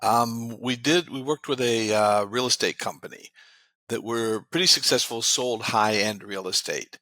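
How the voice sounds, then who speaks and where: A man's voice: mid-range voice, a little slow, sharp tone, no echo. A man, a guest expert in an interview, telling client success stories and quoting what they said. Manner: retells client stories with many quoted lines. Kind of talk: interview storytelling.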